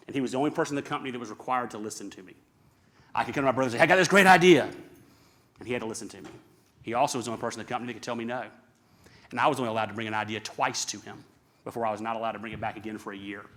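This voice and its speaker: A middle-aged man speaking at a seminar, brisk and emphatic, firing off rhetorical questions to the audience. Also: medium pitch, fairly bright tone. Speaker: conference speaker. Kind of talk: live seminar talk.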